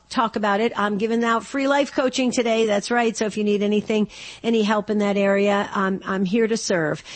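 A middle-aged woman hosts a call-in radio show in a rather high voice. She talks in a chatty, rambling way and restarts her phrases. Her voice is slightly hoarse, because she is still under the weather. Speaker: radio talk show host and life coach.

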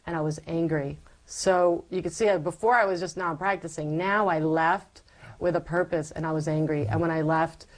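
The recording is rough, and the speaker is a woman with a lowish voice. Appearing as an interview guest, she gives an animated personal faith testimony, reenacting conversations from her past.

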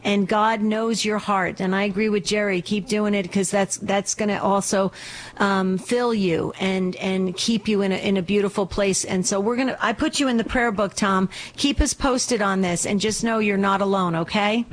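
A woman hosting a call-in radio show, gentle and reassuring, who often restarts her phrases. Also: mid-range voice, steady tone, normal speed, slight background noise.

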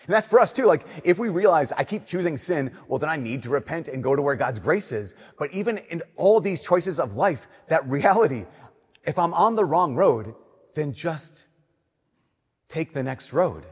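A young man, a Catholic priest, giving an earnest, conversational homily that drops to soft emphasis. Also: fairly high pitch, very animated, moderate pace, breathy edge. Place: church. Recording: long church reverb.

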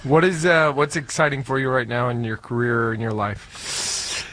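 A man hosting a podcast, asking questions and telling anecdotes in relaxed conversation. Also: mid-range voice, normal speed, background noise. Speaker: podcast host. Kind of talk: casual interview chat.

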